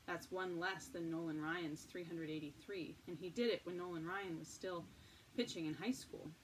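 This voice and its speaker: Shy lil baseball-stats boy, higher voice, lady doing him, far mic and soft hiss. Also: normal speed, natural voice. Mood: matter-of-fact. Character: young boy, quiet, fact-minded baseball nut. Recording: distant mic, faint noise.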